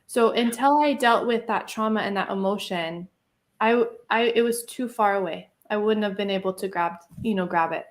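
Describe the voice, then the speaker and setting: A woman's voice: mid-range voice, normal speed. A woman telling a personal story in a casual interview, chatty, laughing often and using lots of fillers. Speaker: guest.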